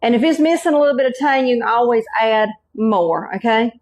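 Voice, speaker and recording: A middle-aged woman from North Carolina, with a Southern Carolina accent, hosts a home cooking demonstration for her channel. She's folksy and chatty, constantly saying "y'all" and "okay." Her voice is fairly high, fairly quick and a little mellow.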